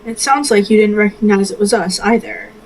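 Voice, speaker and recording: A woman's voice: medium pitch, brisk, slight background noise, low-quality recording. A woman player in a tabletop game, chatting casually and giggling.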